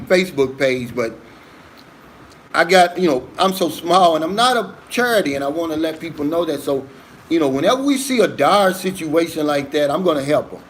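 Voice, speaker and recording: A man hosting a livestream, casually reading out viewer comments in a relaxed way, often saying "man.". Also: a little high, a little hiss or hum. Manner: relaxed, says "man" a lot, many fillers. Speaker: livestream host.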